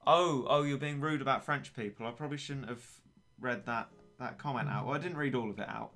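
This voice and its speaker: Late-teen male streamer, wry and chatty, sharp bright voice. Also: medium pitch, fairly quick, faint music behind. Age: late teens. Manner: chatty, wry and self-mocking. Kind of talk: casual gaming stream chat.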